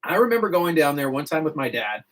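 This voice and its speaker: A man's voice: fairly high pitch, fast. Male morning radio host, middle-aged, casual and chatty, wanders off on tangents. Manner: chatty, rambling, animated with laughs.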